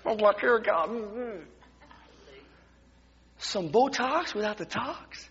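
A man preaching a sermon in a church, telling a story dramatically and swinging from hushed whispers to loud exclamations. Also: sits high, animated, slow, pauses often, husky. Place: church sanctuary. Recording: dull lo-fi recording with long hall reverb.

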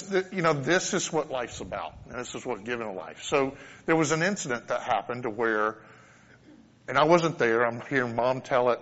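A man's voice: mid-range voice, fairly bright tone. A man giving an informal, conversational sermon as a pastor, telling a personal story with earnest asides. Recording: dull lo-fi sound in a reverberant hall.

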